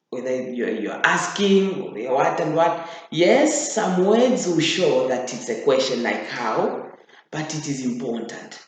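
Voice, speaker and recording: A teacher giving a grammar lesson, repeating key phrases for emphasis and checking in with the students. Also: medium pitch. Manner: addresses students directly with checking questions. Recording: very echoey room, faint noise.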